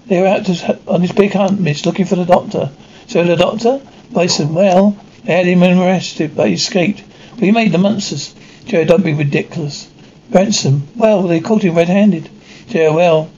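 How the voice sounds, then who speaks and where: Male reader, high voice, narrates and voices all parts plainly; lo-fi home-style recording. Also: a little mellow. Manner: unpolished reading with frequent slips and restarts. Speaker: audio describer and reader. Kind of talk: reading a described episode aloud, voicing all parts plainly. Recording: dull lo-fi recording with faint noise.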